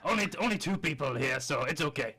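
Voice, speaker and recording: A man voicing an excitable, boastful male chef who speaks in broken English and calls himself by his own name in the third person. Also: fairly high pitch, fast, slightly rough, exaggerated voice. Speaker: comedy podcast guest. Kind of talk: improvised comedy sketch.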